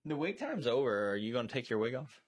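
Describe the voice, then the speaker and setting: A man's voice: medium pitch, sing-song, fast talker, dry recording. A man co-hosting a casual movie chat on a live stream, rambling with many restarts and fillers. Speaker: co-host. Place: storage shed.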